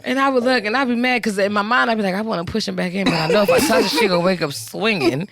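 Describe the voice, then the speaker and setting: A podcast co-host chatting casually, with a bright, tense voice that moves lively up and down. They laugh often while telling the story. The recording is close and dry. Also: mid-range voice, very fast, no echo. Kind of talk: casual chat.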